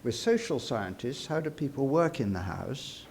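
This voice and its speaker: A man giving a prepared speech into a microphone at a university congress, measured and reflective, with frequent "uh" fillers. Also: medium pitch, big pitch swings, darkish tone, a little hiss or hum. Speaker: award-winning speaker at an academic congress. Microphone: speaking into a podium microphone.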